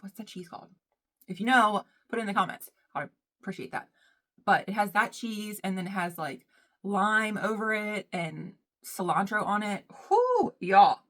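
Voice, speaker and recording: A woman's voice: medium pitch, pushed and bright. A young woman talks through her makeup routine at home in a loose, rambling vlog chat. She wanders from topic to topic and keeps saying "y'all", with a friendly, unscripted flow. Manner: chatty, rambling, says "y'all" often. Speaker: beauty vlogger. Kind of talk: casual chat while doing makeup.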